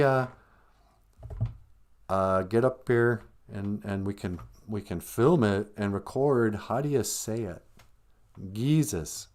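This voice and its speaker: Slow, dry-humored man hosting a stream. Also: fairly low pitch, darkish tone. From Minnesota. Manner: dry, wry, self-mocking; rambling, halting delivery. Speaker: host of a language comedy show. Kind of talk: comedic live stream chat.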